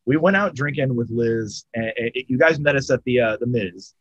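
Husky-voiced man telling a rambling story. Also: medium pitch, moderate pace, no room sound, lo-fi sound. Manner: rambling and profane, with lots of fillers. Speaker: storyteller among friends. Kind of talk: casual chat.

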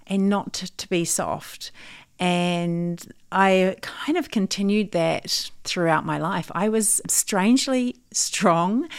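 Woman coach from Australia, middle-aged, low voice, husky fry, reflective solo podcast. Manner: thoughtful, earnest, with occasional laughs.

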